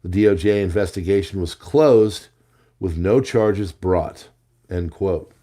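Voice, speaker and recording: A man's voice: low voice, unhurried, dark tone. A man hosting a news commentary show, reading headlines and adding sarcastic, jokey asides. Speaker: host.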